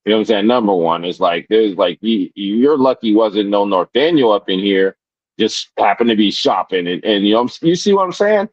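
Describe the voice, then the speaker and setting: A man's voice: fairly low pitch, animated, moderate pace, no echo, lo-fi sound. A man telling a story in casual chat, rambling, with many restarts and fillers. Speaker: podcast guest.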